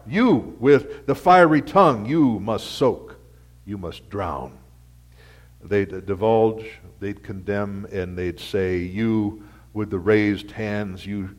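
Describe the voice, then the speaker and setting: A man preaching a sermon as pastor, in a slow, dramatic delivery that builds to loud rhetorical peaks and sinks to quiet asides. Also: on the low side. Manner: repetitive, rhythmic preaching.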